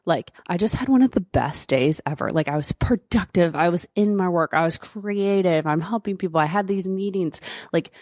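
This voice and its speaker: Chatty low-voiced woman podcast host. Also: normal speed, hardly any pauses, no room sound. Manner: chatty, lots of fillers, animated retelling. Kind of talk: casual solo podcast storytelling.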